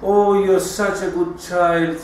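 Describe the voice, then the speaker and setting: A man's voice: high-pitched, level tone, slow, a little mellow, a little hiss or hum, voice pushed up. A man voicing a manipulative middle-aged mother, whiny and pleading in a theatrical way. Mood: coaxing. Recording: echoey room, mic far off.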